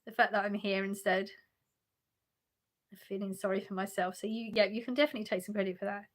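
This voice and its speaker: Talking fast with a medium pitch and fairly even intonation, a woman hosts a casual livestream from her sofa at home. She goes through viewers' messages aloud and replies, laughing a lot and often restarting.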